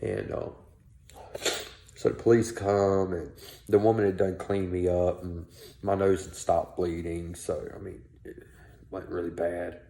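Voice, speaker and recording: Gravelly low-voiced man. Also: steady tone, measured pace, pauses often, mellow, echoey room. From South Carolina, US. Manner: candid, blunt, laced with profanity. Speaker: storyteller, show host. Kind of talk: personal storytelling.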